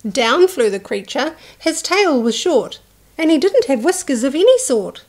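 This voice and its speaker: Childcare storyteller: high-voiced woman, reads a picture book slowly, acts out each character. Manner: slow, expressive, doing voices for characters.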